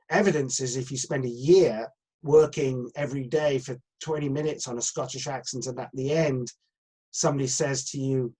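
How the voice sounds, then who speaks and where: A man's voice: medium pitch, a little mellow, slightly rough, rough recording. A middle-aged man, an acting coach talking on a video call, rambling with many fillers and restarts. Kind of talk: live video chat coaching session.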